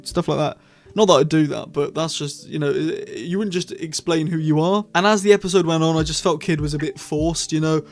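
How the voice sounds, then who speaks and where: A man's voice: fairly high pitch, fairly even intonation, brisk. Rambling man reviewing, faint music. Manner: rambling, self-correcting, apologetic asides. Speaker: YouTube reviewer. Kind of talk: casual solo review.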